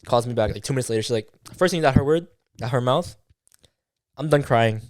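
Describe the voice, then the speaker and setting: Speaking fairly quickly in a slightly mellow, medium-pitched voice, the young podcast co-host swears his way through a casual story, acting out what people said and leaning on fillers. The sound is dry and clean, studio-made.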